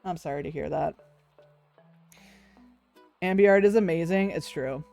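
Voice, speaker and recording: A woman's voice: fairly low pitch, measured pace, gravelly, dark tone, faint music behind. A woman, chatting casually with her stream viewers, laughing often, swearing freely and cooing over cute things.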